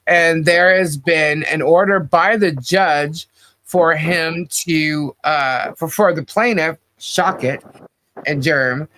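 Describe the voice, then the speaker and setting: A man co-hosting a podcast in casual commentary chat, animated and quick with asides. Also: a little high. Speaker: podcast co-host.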